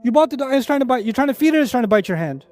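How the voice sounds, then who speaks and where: A man with a bright, high-pitched voice lectures on faith in a lively, conversational way, trading rapid Arabic recitation for plain-spoken stories and asides. Soft music plays faintly underneath. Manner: animated, conversational, with asides and analogies. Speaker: Islamic lecturer. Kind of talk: religious lecture.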